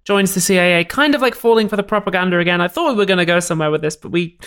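Podcast co-host, quick-talking, dry and analytical, mid-pitched voice. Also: a bit bright, clear, resonant tone. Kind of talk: casual chat recapping a film.

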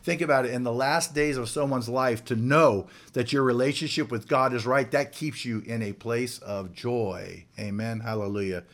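A man's voice: mid-range voice, normal speed, few pauses, a bit bright. A man preaching a sermon in an earnest, emphatic way, repeating key phrases for weight.

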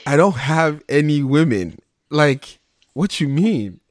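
A man's voice: a little high, animated, slow pace, dry recording, studio quality. A man hosting a casual podcast, playful and teasing, hyping up his listeners. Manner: playful, teasing, hype intro calls. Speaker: podcast host.

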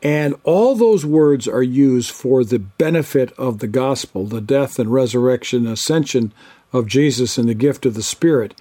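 An older biblical scholar appears as an interview guest, offering measured, conversational answers and going through terms one at a time. His voice is mid-range and mellow.

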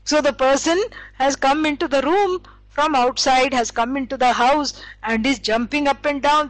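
High-voiced woman teaching scripture. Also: moderate pace, dry recording, rough recording. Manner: explanatory, storytelling with acted quotes, many fillers. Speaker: spiritual teacher. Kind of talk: scripture lecture.

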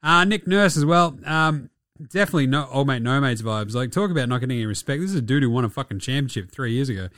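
A man's voice: medium pitch, animated, fast, fairly bright tone, no echo, studio quality. A young Australian man giving a casual, profane and mocking recap of basketball games. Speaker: basketball commentator.

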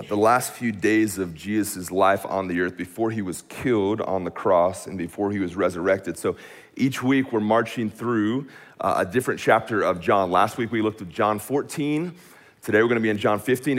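A man preaching a sermon as pastor in a church room, energetic and informal, often saying "man" and speeding up when he gets worked up. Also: on the low side.

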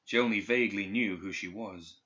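A man reading a dark fantasy story aloud in steady, even scripted narration. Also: fairly low pitch, brisk, husky. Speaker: audiobook narrator. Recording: dull lo-fi recording.

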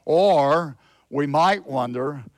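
A man preaching a sermon, slow and emphatic, swinging from loud exclamations to hushed storytelling. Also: fairly high pitch, no room sound. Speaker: pastor.

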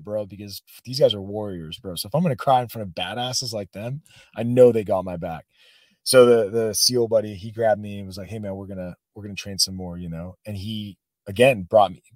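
A man with a lowish voice tells personal stories in an animated, heartfelt way, calling his listener "bro" and "man". The sound is dry and close. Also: dry recording. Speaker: podcast guest. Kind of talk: casual storytelling.

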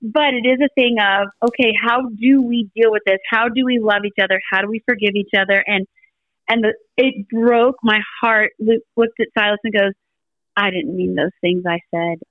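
Middle-aged woman, podcast guest, storytelling chat, higher voice, muffled lo-fi audio. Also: moderate pace, dry recording. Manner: animated storyteller acting out family dialogue.

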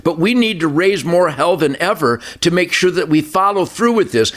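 A man's voice: sits high, a bit bright. An older man delivers a heated political talk-show rant in a slightly raised voice. He stacks up repetitive lists with fiery emphasis. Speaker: show regular, commentator.

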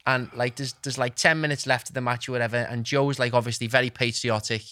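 A man's voice: medium pitch, quick pace, dry recording. A young man hosting a podcast, telling anecdotes in casual chat, laughing and acting out the voices of the people in his stories. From Liverpool, England. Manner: animated storyteller, laughs, acts out voices in anecdotes. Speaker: podcast host.

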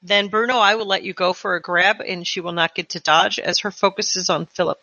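A woman's voice: on the low side, steady tone, a little fast, sharp tone, no room sound, lo-fi sound. A woman game master narrating and asking her players about their actions. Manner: checks actions, asks players questions.

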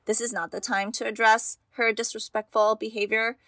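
A woman's voice: on the high side, flat delivery, normal speed, a bit bright, dry recording, studio quality. A woman hosting a parenting talk for mothers. She speaks in an earnest, encouraging way, repeats key phrases and often asks "right?". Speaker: parenting podcast host for mothers. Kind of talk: casual advice talk.

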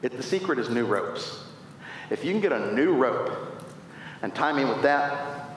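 Smug, boastful young strongman, played by a man mid-sermon, voice dropped low, in a reverberant hall. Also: animated, a little slow, natural voice. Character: cocky strong young male hero. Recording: echoey hall, faint noise.

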